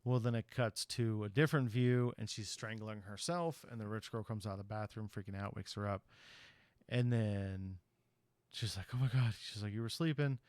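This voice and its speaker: A man's voice: on the low side, moderate pace, darkish tone, no room sound. A man on a podcast casually retelling a horror movie's plot in a rambling way, acting out the characters' lines and swearing loosely. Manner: loose, profane slang. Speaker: podcast host.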